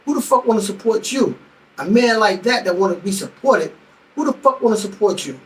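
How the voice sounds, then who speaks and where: A man's voice: high voice, animated, fairly quick, far from the mic, poor audio. A middle-aged man venting heatedly, telling a story with lots of profanity and acting out both sides of an argument. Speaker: vlogger. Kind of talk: venting monologue.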